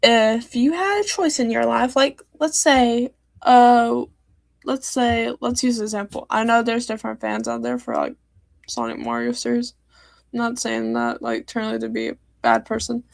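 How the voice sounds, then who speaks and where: Teen girl streamer venting in a hurt ramble; slightly high voice with vocal fry. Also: expressive, normal speed, no room sound. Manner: hurt, rambling, many fillers and restarts. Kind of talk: upset personal livestream talk.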